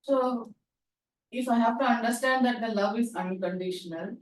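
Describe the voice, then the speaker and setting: A woman's voice: fairly high pitch, normal speed. A woman, a student asking the teacher a thoughtful question. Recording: roomy, far from mic.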